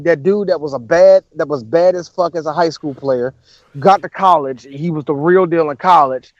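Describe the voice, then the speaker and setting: High-voiced man in profane casual chat. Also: no echo, highs cut off. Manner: profane, joking, animated riffing. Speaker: podcast co-host.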